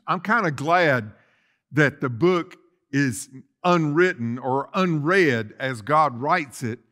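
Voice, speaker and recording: A man preaching a sermon as lead pastor in a church, swinging from loud declarations to soft asides. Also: a little high. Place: church sanctuary.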